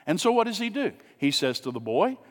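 Preaching in a church sanctuary, a man addresses his congregation conversationally, with rhetorical questions and offhand asides. His high voice has a sing-song, brisk delivery and a big-room sound.

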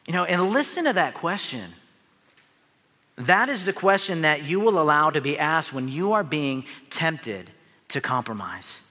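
Bright-voiced man preaching in a reverberant hall. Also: on the high side. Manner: earnest, emphatic preaching with asides to the audience. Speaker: pastor. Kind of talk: sermon.

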